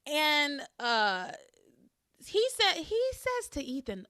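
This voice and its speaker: A woman hosting a podcast, recapping in casual chat and acting out quoted lines with big jumps in pitch. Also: sing-song, slow, sharp tone, dry recording, clean studio sound. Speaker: podcast host.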